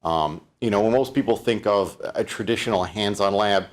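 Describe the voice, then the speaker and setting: Speaking at a moderate pace, a keynote presenter from Canada with a fairly low voice keeps his live-streamed talk relaxed and conversational. Restarted phrases and fillers like "um" and "uh" crop up frequently.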